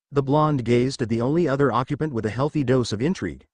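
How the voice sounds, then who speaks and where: A man reading a fan fiction story aloud in a steady scripted narration. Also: medium pitch, quick pace, hardly any pauses, dry recording.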